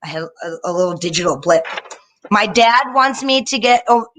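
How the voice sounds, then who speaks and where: A young woman performing a stand-up set over a live video stream, telling stories in an animated way and slipping into mocking voices. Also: medium pitch, moderate pace. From Indian family. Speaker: stand-up comedian.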